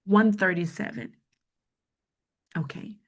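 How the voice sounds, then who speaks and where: A woman's voice: medium pitch, steady tone, slow pace. A woman hosting a live webinar on personal finance, talking conversationally and often checking in with her audience.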